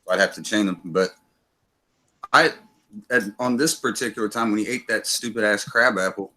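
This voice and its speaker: A man's voice: on the low side, normal speed, pushed and bright. A man hosting a livestream, telling rambling, profane stories in casual chat. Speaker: livestream host.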